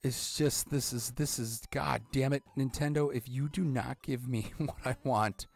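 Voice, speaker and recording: Let's-play host, man, 30s, gravelly, excitable and profane, faint game music behind. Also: mid-range voice, unhurried, few pauses, no room sound. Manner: excitable, swears a lot, rambling with sudden yelps. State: out of breath. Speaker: gaming channel host.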